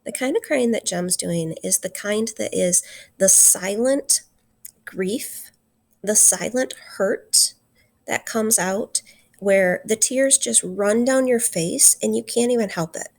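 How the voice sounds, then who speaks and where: A woman teacher giving a recorded literature lesson, earnest and slowing down to stress key points. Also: medium pitch, vocal fry. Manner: earnest, slows down for emphasis.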